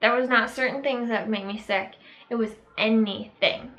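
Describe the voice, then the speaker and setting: A young woman telling a personal story to camera in a casual vlog, halting and reflective, with many fillers and pauses. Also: a little high, steady tone, fairly bright tone, poor audio. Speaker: vlogger.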